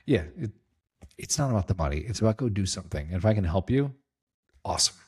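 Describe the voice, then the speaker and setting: Husky, lower-pitched middle-aged male guest; chatty storyteller who acts out the voices of people in his anecdotes. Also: fast talker. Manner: lively storyteller, acts out quotes, laughs easily. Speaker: guest, company CEO. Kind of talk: casual storytelling interview.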